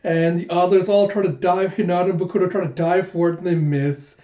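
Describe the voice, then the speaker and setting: A man excitedly recapping a manga chapter for his reaction show, reading the panels aloud and laughing often. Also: sits high, fairly quick, roomy sound, lo-fi sound.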